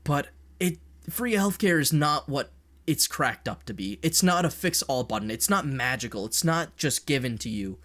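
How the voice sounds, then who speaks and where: A man's voice: on the high side, lively intonation, moderate pace, a bit bright. Blunt swearing man ranting. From Canada. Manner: blunt, profane, heated opinion talk. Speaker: streamer. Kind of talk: casual streamed rant.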